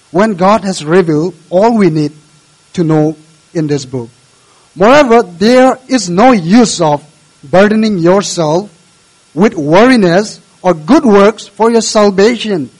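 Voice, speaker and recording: A male pastor preaching a sermon, earnest and measured, urging his listeners. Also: high voice, lively intonation, darkish tone, rough recording.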